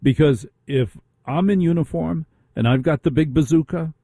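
Hosting a talk radio show, a man with a dark, husky, medium-pitched voice delivers a ranting monologue full of rhetorical questions. The recording is dry and close.

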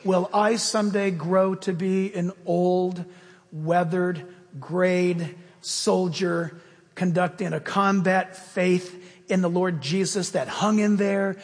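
Animated high-voiced male pastor preaching. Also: takes it slowly, long reverb tail. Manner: animated storytelling, swings between loud and soft. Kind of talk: sermon.

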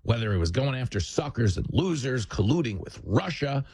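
A male host rants through a combative political monologue and cracks jokes along the way. His voice is husky and sits at a middle pitch. The studio sound is dry and close. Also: big pitch swings, normal speed, a little mellow, no echo. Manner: punchy, combative, joking.

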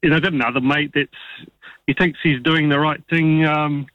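A man, calling in to talkback radio, speaking in a halting, hesitant way. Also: on the high side, fairly even intonation, dry recording. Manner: halting, hesitant, searching for words. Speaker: caller. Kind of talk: talkback call-in chat. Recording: dull phone line.

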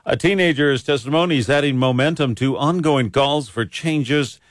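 A man's voice: mid-range voice, no room sound, clean studio sound. Man reading radio news. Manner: steady, measured newsreader delivery. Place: radio studio. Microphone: studio microphone.

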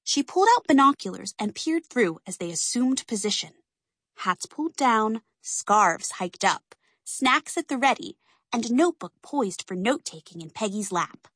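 A woman reads a children's story aloud with a lively voice that swoops up and down. Her tone is a bit husky. The recording is close and dry, with no room sound. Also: on the high side, normal speed, dry recording. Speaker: narrator.

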